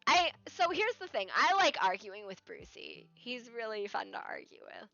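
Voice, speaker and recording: A woman streams from a room at home, chatty and profane, and drifts into coaxing baby talk with her dog. Her voice is high and bright, and her pitch moves a lot. Faint music sits under dull, lo-fi stream audio. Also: very animated, normal speed, vocal fry, dry recording. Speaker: live streamer. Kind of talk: casual chat.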